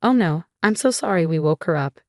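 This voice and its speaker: A woman reading the lines of a caring older mother-in-law in a gentle, apologetic way. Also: on the low side, animated, a little fast, no echo, studio quality, close to an everyday voice. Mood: kindly.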